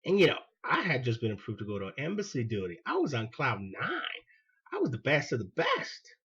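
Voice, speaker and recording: A man, a former Marine hosting his own show, telling a personal story in an animated way and acting out what people said. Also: mid-range voice, fairly quick, slightly rough, dull audio. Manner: animated, acts out quoted dialogue. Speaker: podcast host, former Marine.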